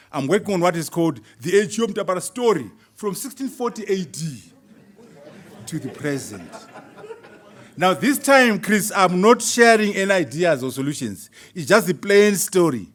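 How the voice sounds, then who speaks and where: A middle-aged man from Zimbabwe presenting his own book at a university launch, talking lively and chuckling through asides to the audience. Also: on the high side, moderate pace. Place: university hall at a launch event.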